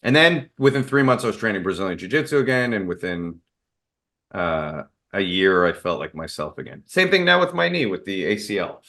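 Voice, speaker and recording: Interview guest: man, low voice, candid, loose rambling delivery. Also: big pitch swings, a little fast, a bit bright. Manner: candid, rambling with fillers and restarts. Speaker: guest, martial arts expert. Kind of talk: casual interview storytelling.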